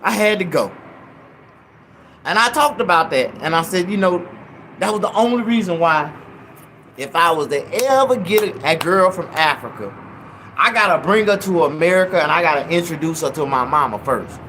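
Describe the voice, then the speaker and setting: Guy with a high voice ranting a crude funny story, all over the place, lil bit of hiss. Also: normal speed. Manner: animated, loud, profane. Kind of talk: profane comedic storytelling.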